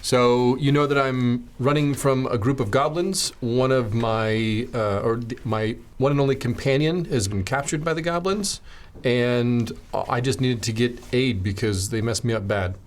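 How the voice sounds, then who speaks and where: A man playing a tabletop game, giving quick agreeing replies and explaining his moves. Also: mid-range voice, fairly even intonation, a little hiss or hum. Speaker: player.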